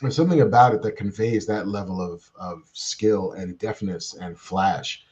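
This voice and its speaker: A man's voice: on the low side, moderate pace, a little mellow. A man joining a podcast by video call as a guest writer, talking thoughtfully in loose, casual phrases. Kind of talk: casual chat. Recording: dull lo-fi video call audio.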